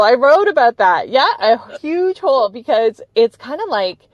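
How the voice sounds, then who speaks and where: A woman hosts a conversational interview with bright enthusiasm, cheering on what her guest says. Her voice sits on the higher side, and it comes through dry and a little muffled, like lo-fi video-call audio. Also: very animated, normal speed, no room sound. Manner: enthusiastic, affirming, laughs easily. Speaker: host.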